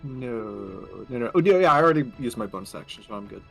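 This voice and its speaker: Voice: medium pitch, animated, quick pace, gravelly, fairly bright tone, faint music behind. A tabletop player talking casually and chattily about their character's turn, laughing often.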